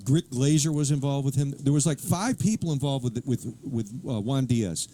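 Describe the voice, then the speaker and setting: A man chatting casually about boxing in a quick, conversational way. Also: medium pitch, lively intonation, mellow, a little hiss or hum. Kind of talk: casual chat.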